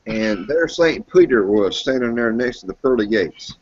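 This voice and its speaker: A man's voice: medium pitch, normal speed. A man, hosting a casual chat and telling a joke with lots of character voices. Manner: animated storyteller, throws voices for quoted characters. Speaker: host; grocery store worker. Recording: dull lo-fi recording.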